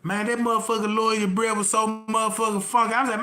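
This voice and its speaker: A man ranting comically to his live chat, telling a rambling, profane story full of repeated asides and swinging between loud outbursts and low mutters. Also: level tone, fast, hardly any pauses. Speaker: livestream host. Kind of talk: comedic rant to a live chat. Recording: roomy echo.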